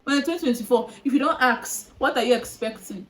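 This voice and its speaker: A young woman tells a dating story to her viewers, animated and exasperated. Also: sits high, fast talker, few pauses, slight background noise, rough recording. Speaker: vlogger. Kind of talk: storytime vlog.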